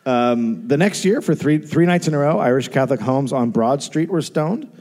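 A man's voice: medium pitch, expressive, moderate pace, a little mellow, in a large hall. A man hosting a live comedy podcast, dryly telling a history story on a theater stage. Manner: dry storyteller, reads quotes and dates. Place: large theater, live audience.

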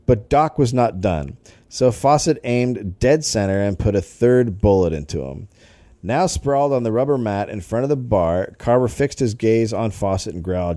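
A man's voice: fairly low pitch, lively intonation, normal speed, warm tone, no room sound, studio quality. A man co-hosting a comedy podcast, reading a history story aloud with jokey asides. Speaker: podcast co-host telling the story.

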